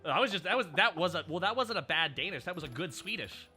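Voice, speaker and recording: A man hosts his live stream in casual chat, animated and quick to joke. His voice is bright and lively, and faint music plays behind him. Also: high-pitched. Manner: animated, jokey, reads chat aloud. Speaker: VTuber streamer.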